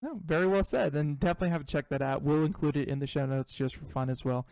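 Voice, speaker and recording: A man hosting a talk show, relaxed and a little hesitant, steering the chat with fillers. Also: on the high side, fast, creaky, smooth, dry recording, low-quality recording. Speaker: host. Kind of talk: casual chat.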